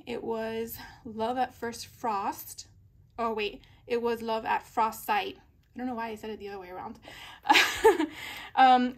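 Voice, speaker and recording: A woman in a casual craft haul video, reading sticker captions aloud slowly and giggling at the puns. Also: on the high side, fairly even intonation. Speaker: papercraft vlogger.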